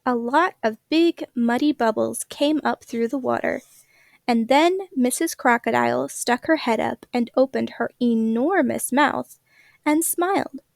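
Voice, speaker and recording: A woman reads a children's picture book aloud, gentle and expressive. Her voice is high with a gravelly edge, recorded close and dry. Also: a little slow, dry recording. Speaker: storybook reader. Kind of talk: children's story read-aloud.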